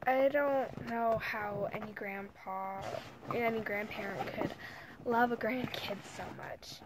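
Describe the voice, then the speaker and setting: A teenage girl vlogging casually, talking softly and hesitantly with many fillers while holding back tears. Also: medium pitch, fairly even intonation, takes it slowly, noisy background. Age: teens. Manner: soft, hesitant, full of "like" and "you know". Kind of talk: casual emotional vlog.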